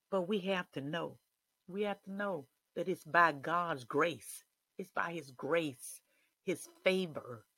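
Man, sermon, gravelly, bright edge, dry close sound. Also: fairly high pitch, dry recording. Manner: rising to shouted declarations. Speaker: preacher.

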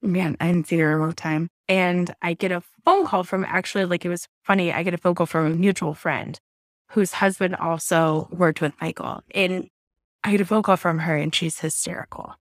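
A woman in her thirties from Southwest Florida shares a deep loss as a podcast guest. She talks candidly, her emotion rising through halting restarts and blunt words. The sound is dry and close, with no room echo. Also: fairly even intonation. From Southwest Florida, USA. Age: 30s. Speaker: interview guest. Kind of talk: personal storytelling in a podcast interview.

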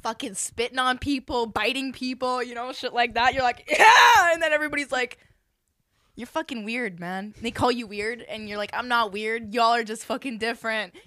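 A blunt young woman chats casually, swearing freely and acting out what other people say. Her voice is bright and forceful, a little high. The sound is dry and close to the mic. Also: fairly even intonation, a little fast, hardly any pauses, no echo. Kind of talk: casual chat.

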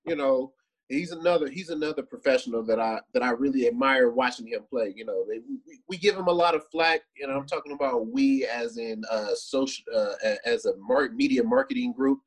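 A man co-hosting a sports podcast, talking in a relaxed, rambling way about football. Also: medium pitch, brisk, breathy edge, poor audio. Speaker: podcast co-host. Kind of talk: casual sports talk.

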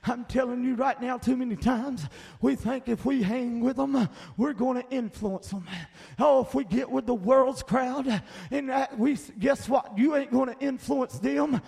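A man preaching a sermon with a Southern Appalachian accent, rising into shouted emphasis and punctuating his points with "Amen" and "Hello.". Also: very high-pitched, a little slow, creaky. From American South. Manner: fiery preaching that swells into shouts, with frequent call-outs of "Amen" and "Hello".

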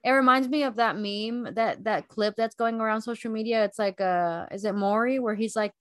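A woman's voice: fairly high pitch, normal speed, fairly bright tone, no room sound, studio quality. A young woman co-hosting a podcast, chatting candidly, swearing freely and telling stories with energy. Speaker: podcast co-host. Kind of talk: casual chat.

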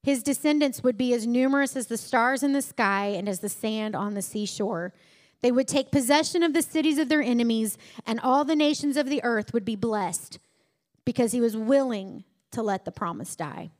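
A woman's voice: a little high, normal speed, a little mellow. A woman preaching a sermon, retelling scripture stories and building to emphatic peaks.

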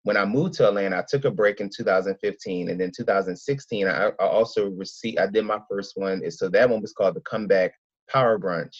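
A man from Philadelphia, an event organizer, telling his story in a casual interview, rambling and excitable with many restarts. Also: fairly low pitch, fairly quick, husky, dry recording, muffled recording.

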